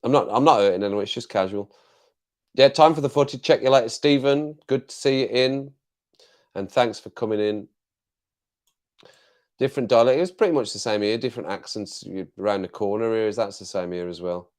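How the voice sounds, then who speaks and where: Fast-talking joking English man. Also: fairly low pitch. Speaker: livestream host. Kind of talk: casual chat with viewers.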